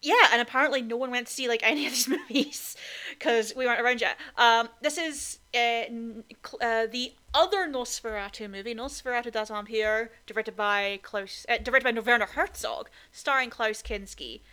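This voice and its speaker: A woman's voice: a little high, normal speed, pushed and bright. A woman co-hosting a podcast, chatting casually and with strong opinions about films, with lots of "like" fillers. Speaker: podcast co-host. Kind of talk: casual film chat.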